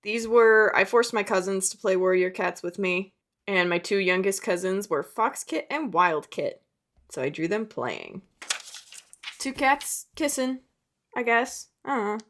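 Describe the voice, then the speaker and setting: Young woman, casual vlog chat, self-mocking, frequent vocal fry. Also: medium pitch, animated, a little slow, a bit bright. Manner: chatty, self-mocking, laughs at her old drawings. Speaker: art vlogger. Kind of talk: casual sketchbook tour narration.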